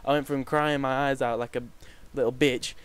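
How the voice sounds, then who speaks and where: A man's voice: medium pitch, level tone, normal speed, clear, resonant tone. A young man vlogging, telling a personal story to camera in a rambling, casual way, swearing freely and often restarting his sentences. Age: young adult.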